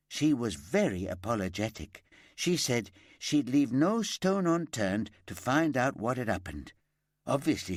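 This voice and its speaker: A man's voice: on the low side, dry recording, clean studio sound. A man voicing a chatty middle-aged woman shop worker who rambles and gossips. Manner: gossipy, rambling, eager to help. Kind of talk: audiobook character voice.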